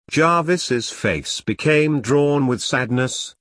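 A male audiobook narrator telling a story in a measured way, with a lively and expressive pitch. The sound is close and completely dry, with no room echo.

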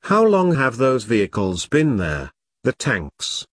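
A man's voice: mid-range voice, huge pitch swings, slow pace, breathy edge, no room sound, heavily acted. A man doing a wry, offhand soldier. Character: wry male British soldier.

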